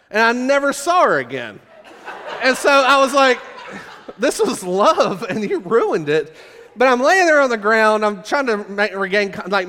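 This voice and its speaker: A man's voice: high voice, a bit bright, smooth. A man preaching a sermon, telling a humorous, self-deprecating story to his congregation. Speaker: pastor. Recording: echoey hall reverb.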